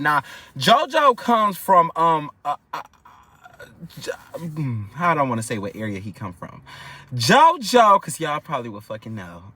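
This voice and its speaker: A young man, telling a family story in an animated, profane, gossipy way. His voice sits high and swings widely in pitch, and it sounds bright and sharp. The recording is dry and close to the mic. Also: dry recording. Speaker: storyteller vlogger. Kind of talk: casual storytime monologue.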